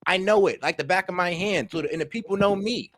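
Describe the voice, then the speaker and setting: A man's voice: high-pitched, fast talker, fairly bright tone. A man co-hosting a reaction show, talking in casual, slangy, emphatic chat. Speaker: co-host reacting to a video.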